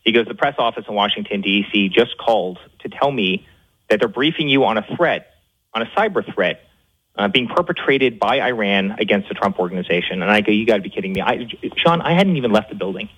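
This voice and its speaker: A man talking as a guest in a fast talk-show interview, stumbling over repeated words and fillers with rising indignation. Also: lowish voice, expressive, fairly bright tone, husky, dull audio.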